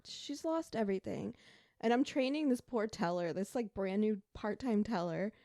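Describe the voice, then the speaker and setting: A woman's voice: mid-range voice, moderate pace, mellow, dry recording, studio quality. A young adult woman co-hosting a podcast in casual chat, easygoing and swearing when she vents. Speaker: podcast co-host.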